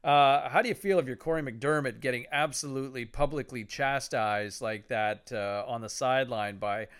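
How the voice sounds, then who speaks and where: A man co-hosting a sports podcast in casual chat, conversational and quick to laugh. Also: medium pitch, fairly bright tone, smooth. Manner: laughing, conversational, sets up topics. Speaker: podcast co-host.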